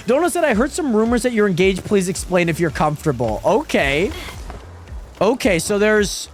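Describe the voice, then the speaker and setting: A man streams a game live, his high-pitched voice swinging widely at a moderate pace with faint music behind him. Chatty and casual, he reads viewers' messages aloud, trails off and often repeats words.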